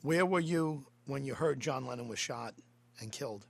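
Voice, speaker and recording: A man's voice: mid-range voice, normal speed, creaky, no room sound. A man hosting a talk show interview, effusive and complimentary toward his guest. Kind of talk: broadcast interview.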